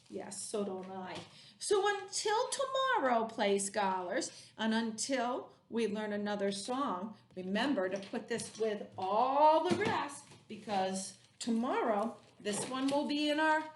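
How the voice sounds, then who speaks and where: A woman teaching a remote preschool lesson, reading rhymes and chatting to little children. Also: on the high side. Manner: slow, singsong, animated storytelling. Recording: roomy echo, faint background noise.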